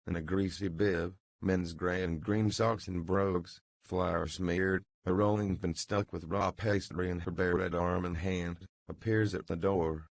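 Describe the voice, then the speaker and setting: Deep gravelly male audiobook narrator. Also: no echo.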